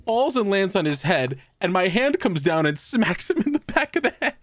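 A man telling an animated story on a podcast, laughing and swearing as the tale builds. His voice sits a little high for a man. The sound is close and dry, with no room echo. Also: normal speed. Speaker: podcast co-host. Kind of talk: casual storytelling chat.

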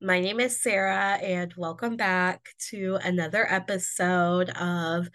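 Woman, twenties, solo podcast host, bubbly and candid, slightly lower pitch, a bit congested from illness. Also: fairly even intonation, unhurried, few pauses, a bit bright. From Indiana, USA. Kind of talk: casual solo podcast chat.

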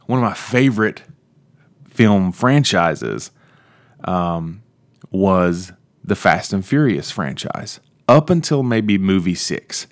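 A young man with a lowish voice hosts his own podcast, talking alone in a loose, meandering way. He restarts sentences often and warms up into animated, opinionated bursts. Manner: rambling, self-interrupting, animated about movies. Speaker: podcast host. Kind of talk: casual solo monologue.

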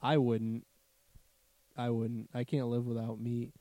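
A man's voice: mid-range voice, little pitch movement, takes it slowly, mellow, no echo. A man in casual, profane chat who laughs a lot and slips into silly animal voices.

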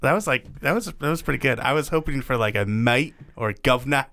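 A man's voice: mid-range voice, fairly quick, pushed and bright, no echo, clean studio sound. A man co-hosting a podcast in casual chat, joking and playful, laughing often. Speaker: podcast co-host.

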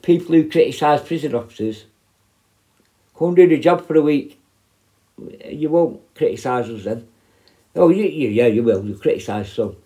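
A man's voice: a little high, normal speed, pauses often, warm tone. A middle-aged man, telling prison stories in a blunt, sweary, rambling way. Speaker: former prison officer. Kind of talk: casual storytelling.

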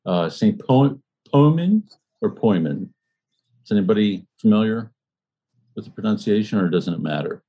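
Deep, husky-voiced man leading a study group. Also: muffled recording. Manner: thoughtful, halting, frequent fillers and restarts. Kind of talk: book discussion and reading aloud.

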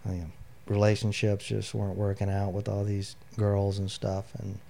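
A man's voice: on the low side, monotone, moderate pace, creaky, mellow, slight background noise. A middle-aged man, an army veteran, telling his personal story in an interview, candid and emotional, with lots of "you know" fillers. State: near tears.

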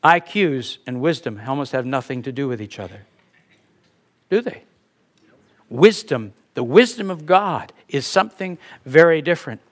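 A man's voice: mid-range voice, expressive, normal speed. A middle-aged man preaching a sermon in a conversational manner, telling anecdotes and chuckling at his own stories. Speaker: pastor.

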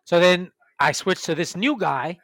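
A man's voice: high voice, expressive, a little slow, fairly bright tone, no room sound. Podcast host, man, casual profane ranter, dry mic. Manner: profane ranting storytelling. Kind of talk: casual chat.

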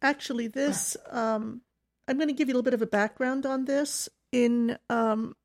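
A woman's voice: a little high, fairly even intonation, normal speed, slight background noise. A woman co-hosting a live radio talk show, telling stories in a chatty way with many fillers.

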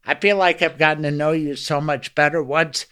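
A man's voice: fairly high pitch, steady tone, normal speed, sharp tone, clear, resonant tone. A man hosting a lawyers' podcast, chatting enthusiastically with his guest in a casual interview. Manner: enthusiastic, talkative.

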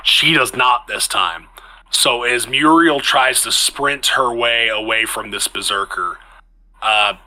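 A man's voice: medium pitch, slow pace, sharp tone, low-quality recording. A man narrating as game master of a tabletop game, chatty and restarting phrases as he describes the action.

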